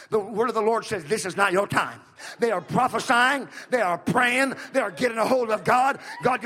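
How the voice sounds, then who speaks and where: Bright high-voiced preaching man. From Central California. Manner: preaching, rising to shouts; calls to the room and repeats himself. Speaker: pastor. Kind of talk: sermon.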